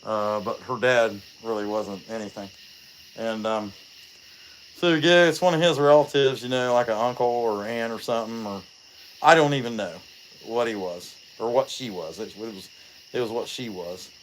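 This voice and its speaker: This livestream host, a chainsaw carver, speaks at a moderate pace in a lowish voice over slight background noise. His casual chatter rambles and jokes, is full of fillers, and includes lively storytelling.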